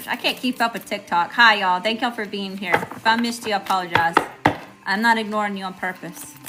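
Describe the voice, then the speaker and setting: A woman's voice: medium pitch, noisy background. A woman giving a live tarot reading, chatty and informal, greeting viewers and often checking in with "okay?". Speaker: tarot reader.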